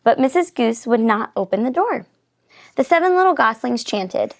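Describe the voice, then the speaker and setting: Woman reading a kids book out loud, expressive, kinda high and gravelly. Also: normal speed. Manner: expressive, lively storytelling. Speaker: reader. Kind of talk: reading a picture book aloud.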